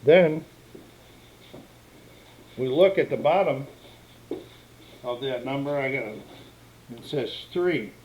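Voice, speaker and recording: A man's voice: mid-range voice, slow, pauses often, darkish tone, slight background noise, rough recording. An older man casually walking through a tabletop game setup, talking in a plainspoken, meandering way on camera at home. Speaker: board game demonstrator. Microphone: camera microphone.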